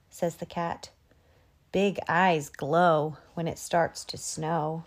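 A young woman, former kindergarten teacher and mom, reading a picture book aloud in a gentle sing-song way. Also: fairly low pitch, fairly even intonation, slow, gravelly. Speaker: children's book reader and host. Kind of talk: storybook read-aloud.

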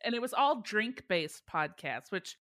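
A woman hosting a casual podcast chat, her pitch sitting in a mid range. She pokes fun at herself and laughs easily as she talks with her co-hosts. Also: lively intonation, a little slow, bright, forceful tone. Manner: self-deprecating, laughs often. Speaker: podcast host.

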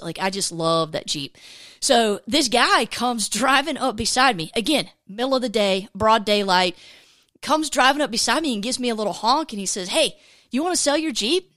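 A woman's voice: on the high side, dry recording. A woman hosting a faith podcast, chatting and telling stories with frequent laughter, recorded on a close mic. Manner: chatty, laughs often, animated storytelling. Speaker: podcast host.

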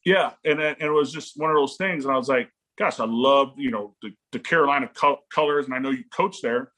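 A man in his forties from Illinois, a guest telling casual stories about his daughter's recruiting, acting out quotes with sudden jumps in pitch. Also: fairly quick, fairly bright tone. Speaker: guest, parent of a volleyball recruit. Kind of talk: casual storytelling.

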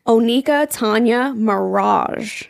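A woman's voice: fairly high pitch, slow, gravelly, no echo, clean studio sound. A woman co-hosting a podcast in casual chat, giggly and chatty as she reads out trivia. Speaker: podcast co-host.

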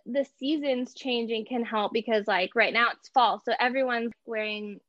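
Young woman guest, chatty, quick laughs, fairly high voice, slightly muffled dry recording. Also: fairly even intonation, a bit bright, dry recording. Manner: chatty, laughs often, many "like" and "you know" fillers. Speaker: guest, artist and small business owner. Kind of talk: casual interview chat.

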